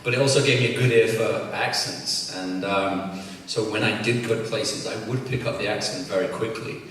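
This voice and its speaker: A man's voice: lowish voice, fairly even intonation, moderate pace. A British man from England, chatting on a convention panel in a playful, laughing, rambling way. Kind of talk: casual panel chat. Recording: echoey hall, far from mic, loud crowd noise.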